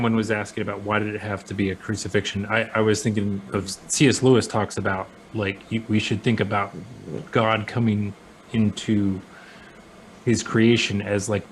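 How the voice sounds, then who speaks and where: Man, lowish voice, thoughtful, hesitant, light hiss. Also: steady tone, moderate pace, poor audio. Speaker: podcast co-host. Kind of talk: casual discussion.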